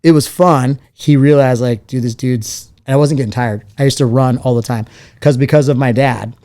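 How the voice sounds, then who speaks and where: A man tells his story loosely and casually as a guest. He plays out the voices of the people in his stories, and his pitch rises and falls as he does. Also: normal speed. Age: 40s. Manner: animated storyteller acting out quoted voices. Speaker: interview guest, former fighter.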